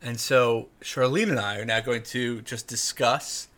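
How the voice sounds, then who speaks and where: A man with a bright, forward voice co-hosts a casual gaming podcast. He rambles through his points and leans on filler words. His pitch sits in a middle range. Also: a little slow. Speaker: podcast co-host.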